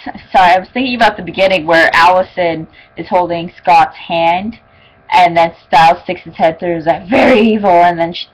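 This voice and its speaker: A woman's voice: fairly low pitch, poor audio. Chatty young woman recapping an episode. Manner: chatty and excitable, lots of "like" and "oh my god". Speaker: fan reviewing an episode.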